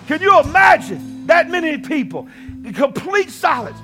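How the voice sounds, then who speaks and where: A male pastor preaching a sermon, often shouting and leading call-and-response with the congregation. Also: very high-pitched, sing-song, normal speed, faint music behind. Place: church.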